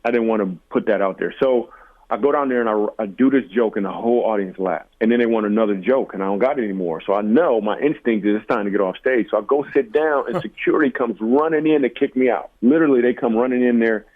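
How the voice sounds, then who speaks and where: A man's voice: medium pitch, fast talker. Jokey man over a tinny line. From Michigan, USA. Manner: animated, jokey, self-deprecating. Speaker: comedian guest. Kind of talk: casual interview storytelling.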